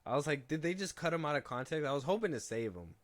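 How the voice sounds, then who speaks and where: A young man co-hosting a film podcast, casually running through film news in a relaxed, rambling way. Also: fairly high pitch, fast talker. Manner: relaxed, rambling, trails off and restarts. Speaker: podcast co-host.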